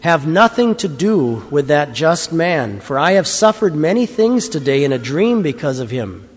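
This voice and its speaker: Male reader as a troubled wife, slow and earnest, higher voice, church echo. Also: very animated, slightly rough.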